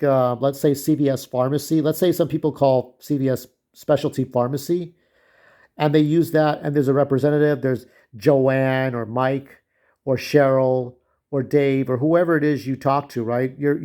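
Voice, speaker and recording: Speaking in a warm, mid-range voice, a young vlogger from the United States vents to camera in a furious, expletive-laden personal rant. He often circles back and starts sentences over.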